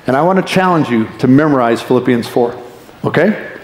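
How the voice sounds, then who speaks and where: A man preaching a sermon as pastor, talking to the congregation in a conversational, lively way with quick asides. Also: medium pitch. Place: church sanctuary. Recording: echoey church hall reverb.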